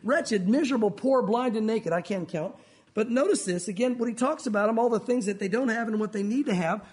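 A man's voice: high voice, a little fast, darkish tone. A pastor, preaching a sermon in an earnest, conversational way and talking straight to his congregation.

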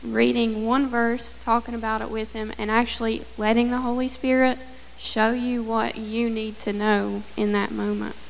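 A woman's voice: fairly high pitch, flat delivery, normal speed, vocal fry, a little hiss or hum. A woman sharing her thoughts in a church discussion group, earnest and reflective. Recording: reverberant hall.

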